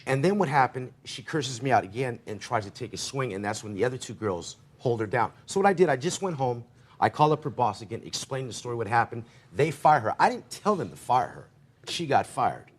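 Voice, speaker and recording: A man's voice: medium pitch, sing-song, a little fast, slightly rough. A man in his forties testifying as defendant in a rambling, repetitive retelling. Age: 40s. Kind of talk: courtroom testimony.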